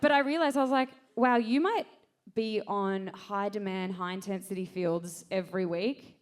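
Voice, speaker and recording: A woman's voice: medium pitch, moderate pace. A young woman telling a comic story on a live stage, acting out her own quotes with lots of energy. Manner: animated, acts out quotes, laughs through story.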